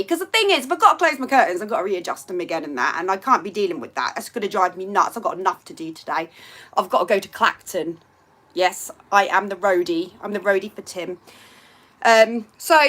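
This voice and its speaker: A woman's voice: medium pitch, animated, fairly quick, bright, forceful tone. A woman hosting a casual live stream from home by a window, chatting to viewers in a rambling way and reading out their comments.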